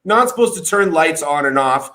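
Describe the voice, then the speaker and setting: A man guesting on a comedy podcast, telling stories in a lively, casual way and swearing freely. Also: fairly high pitch, moderate pace.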